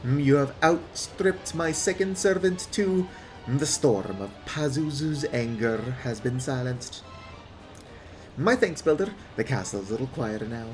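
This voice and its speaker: Figure: haughty villain lord, played by a man. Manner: taunting and menacing, with "mm" and "uh" fillers. Pitch: middling. Behind: faint game music. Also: expressive, a little slow, lightly acted. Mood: gloating. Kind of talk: reading game text aloud.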